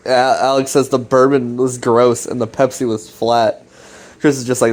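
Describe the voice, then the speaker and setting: A man's voice: mid-range voice, level tone, normal speed. Guy rambling through a web series recap, swears a lot, keeps restarting sentences. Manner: rambling, many fillers and restarts, casual swearing.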